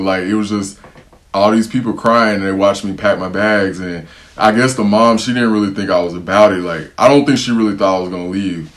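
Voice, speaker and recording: A travel story comes from a young man from the United States, a vlogger whose voice is very deep and low. Talking directly into the camera, he's lively and slangy, voicing what the other people in the tale said.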